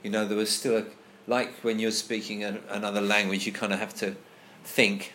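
A man's voice: fairly low pitch, flat delivery, moderate pace, pushed and bright, slight background noise. A man leading a casual group discussion, thoughtful and hesitant, restarting his sentences often.

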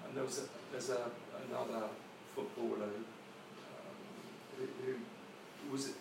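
A man joins a casual group discussion, halting and repeating himself as he searches for words. He sits well back from the mic in a very echoey room. Clear background noise runs under his speech. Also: mid-range voice, fairly even intonation, distant mic. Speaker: discussion participant.

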